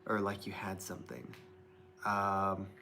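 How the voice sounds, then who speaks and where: A man's voice: low voice, completely flat delivery, a little slow, gravelly, pushed and bright, a little hiss or hum. A young man hosting a casual livestream, thinking aloud and reading chat comments from a laptop. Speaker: livestream host. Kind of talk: casual live-stream chat. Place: indoors at a desk with plants. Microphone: laptop mic.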